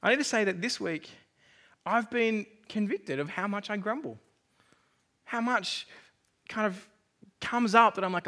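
A male pastor preaches in a chatty, self-deprecating sermon style. His voice sits high and sounds bright and lively. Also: moderate pace. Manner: conversational, self-deprecating preaching with acted asides.

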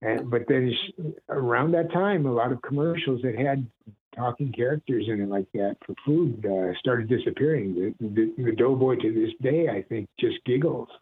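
A man's voice: medium pitch, normal speed. A middle-aged man from Ohio, a voice actor, casually telling stories and slipping into impressions. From Ohio, USA. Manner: animated storyteller who slips into impressions, chuckles often. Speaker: voice actor guest. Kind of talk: casual interview storytelling. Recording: tinny phone-line audio.

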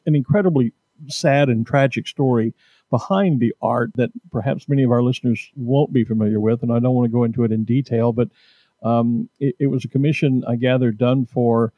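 A man from the United States hosting an interview, asking questions in a measured, explanatory way. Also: mid-range voice, fairly even intonation, dry recording, lo-fi sound. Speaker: interviewer host. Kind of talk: conversational interview.

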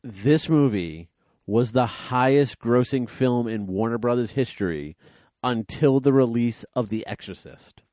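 A man's voice: medium pitch, measured pace, darkish tone, no room sound, clean studio sound. A man co-hosting a casual movie podcast, rambling a little and reading trivia aloud. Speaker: podcast co-host.

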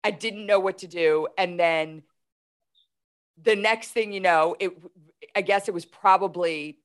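A woman's voice: fairly low pitch, a little slow. A woman in her forties, a guest telling a story in casual talk, animatedly retelling events with quoted dialogue. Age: 40s.

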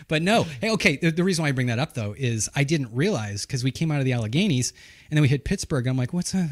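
A man's voice: mid-range voice, fast talker. A man hosting a podcast in casual chat, telling stories with lots of laughter. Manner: animated storyteller, laughs often, does voices. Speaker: podcast host.

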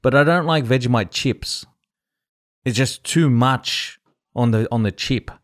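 A man with an Australian accent co-hosting a relaxed podcast chat, laughing often. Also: mid-range voice, unhurried. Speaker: podcast co-host. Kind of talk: casual chat.

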